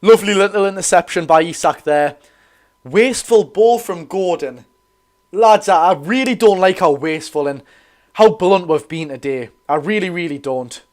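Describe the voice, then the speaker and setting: A man's voice: high voice, normal speed, a little mellow. A man with a Geordie accent hosting a live football watch-along, giving chatty commentary, correcting himself and greeting viewers.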